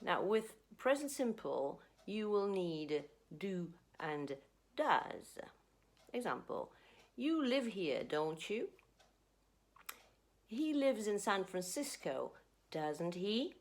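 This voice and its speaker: A woman's voice: medium pitch, slow. A woman teaching an online English lesson, taking her time and stretching her words. Her voice rises and falls a great deal as she demonstrates intonation, checking in with her students again and again. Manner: expressive, plays with intonation, checks in with "okay?".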